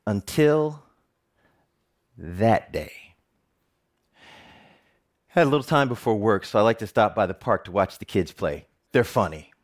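A man's voice: fairly low pitch, unhurried, pauses often. A middle-aged man, a TV presenter, giving a personal storytelling talk with jokes and frequent laughter. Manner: animated, jokey storyteller who laughs often.

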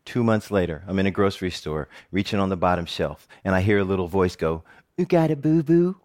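A man's voice: low-pitched, fast. A middle-aged man, a TV presenter, giving a personal storytelling talk with jokes and frequent laughter. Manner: animated, jokey storyteller who laughs often.

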